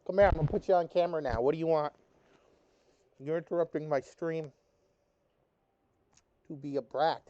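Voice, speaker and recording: A man's voice: on the high side, normal speed, pauses often, highs cut off. A man streaming a game, chatting casually, who swears and scolds his cat in baby talk. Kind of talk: casual live-stream chat.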